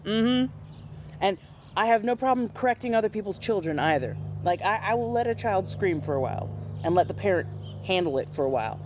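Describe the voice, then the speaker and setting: A woman's voice: mid-range voice, a little fast, noisy background. Blunt, profane young woman chatting casually. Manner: animated, acts out other people in quoted voices. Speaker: streamer chatting with followers. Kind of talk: casual chat while doing makeup.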